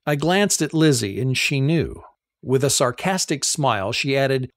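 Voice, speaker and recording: A male audiobook narrator telling a first-person story in a mid-pitched voice. His pitch rises and falls expressively, and the close, dry recording has no room sound. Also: animated, measured pace, dry recording.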